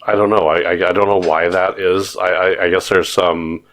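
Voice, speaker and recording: A man's voice: deep voice, level tone, moderate pace, a bit bright. A man co-hosting a podcast, telling stories in a rambling, hesitant casual chat. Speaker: podcast co-host.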